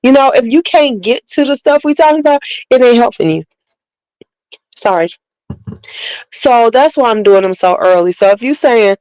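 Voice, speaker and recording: Woman beauty streamer from Chicago, mid-pitched, loose candid chat, dry close mic. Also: lively intonation, normal speed, a little mellow, no room sound, rough recording. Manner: chatty, rambling, candid, greets viewers by name. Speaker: beauty livestream host. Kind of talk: casual livestream chat.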